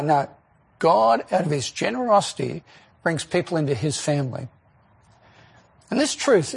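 Gravelly, husky-voiced male preacher. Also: a little high. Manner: earnest, rhetorical questions, emphatic pauses. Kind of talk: sermon.

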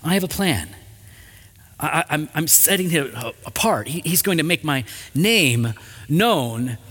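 A man voicing a calm divine male figure who gives direct instructions. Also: on the high side, measured pace, slightly rough, big-room sound, heavily acted.

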